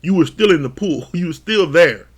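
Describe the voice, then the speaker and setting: A man's voice: a little high, normal speed. A man reviewing a reality dating show in casual, profane commentary, often laughing as he acts out what the cast said. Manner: laughs often, swears freely, animated retellings.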